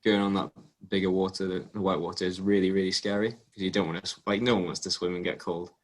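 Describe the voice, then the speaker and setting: This young adult athlete from England is a fast talker, guesting in a casual interview. His voice is somewhat low and fairly flat, and his relaxed storytelling is dotted with ums and small restarts.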